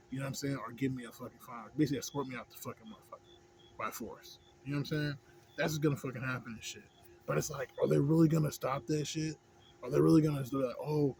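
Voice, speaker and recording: A man's voice: medium pitch, darkish tone, slight background noise. Profane rambling man ranting. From Houston, Texas. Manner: rambling, heavy swearing, repeats "you know what I'm saying". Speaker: vlogger.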